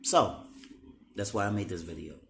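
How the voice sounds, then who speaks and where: A man's voice: sits low, normal speed, vocal fry, a bit bright, slight background noise. A young man talking straight to the camera in a raw, emotional monologue, slangy and full of swearing.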